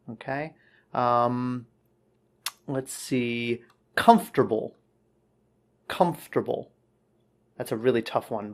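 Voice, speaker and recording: A man teaching English, giving relaxed spoken feedback on a student's answer and checking in with "okay" as he goes. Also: medium pitch. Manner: relaxed, explanatory, says okay often.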